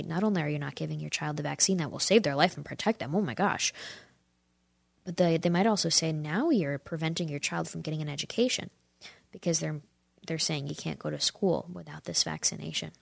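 A woman's voice: deep voice, brisk, creaky, dry recording. A woman hosting a podcast, ranting heatedly in a casual monologue and sometimes dropping into whispers. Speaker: podcast host.

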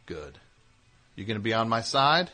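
A man's voice: on the low side, big pitch swings, normal speed, pushed and bright. A man hosting a comedy call-in radio show, teasing callers and riffing in long rambling runs.

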